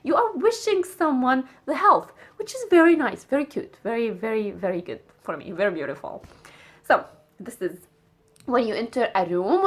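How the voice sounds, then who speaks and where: A woman teaches everyday expressions in a casual lesson. Her voice sits fairly high and swings widely in pitch as she repeats phrases and acts out how they sound. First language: Arabic. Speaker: Arabic teacher. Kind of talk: casual spoken language lesson.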